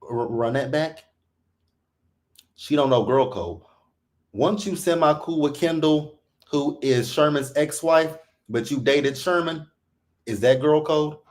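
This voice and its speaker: A man's voice: a little high, measured pace. Profane, exasperated male recap ranter. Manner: profane, animated, exasperated, quotes people in put-on voices. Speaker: reality TV recap host. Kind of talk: heated casual recap rant.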